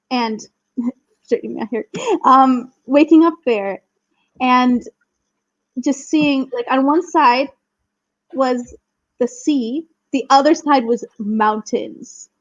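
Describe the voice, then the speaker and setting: A young woman with a fairly high voice talks eagerly as a podcast guest, sprinkling her sentences with "like." The sound is dry and close, a little dull and lo-fi. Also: takes it slowly, no room sound. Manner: chatty, many "like" fillers, enthusiastic. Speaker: guest, Spanish teacher. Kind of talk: casual podcast chat.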